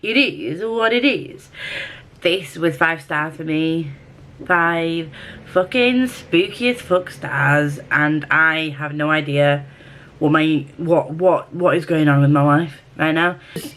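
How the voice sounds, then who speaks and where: A woman's voice: lowish voice, fairly bright tone. A young woman chatting casually to camera at home about books, rambling and self-mocking, with casual swearing. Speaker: book vlogger. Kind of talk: casual vlog chat to camera.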